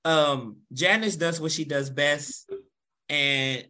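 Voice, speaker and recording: A man from Louisville with a Kentucky accent hosting a casual chat, brash and teasing, swearing freely and firing back quick comebacks. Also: on the high side, bright, forceful tone.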